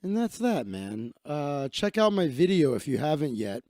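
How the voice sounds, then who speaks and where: A man's voice: on the high side, big pitch swings, normal speed, darkish tone, no echo, studio quality. A man hosting a live stream, chatting casually in a crude, rambling, joking way. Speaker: livestream host.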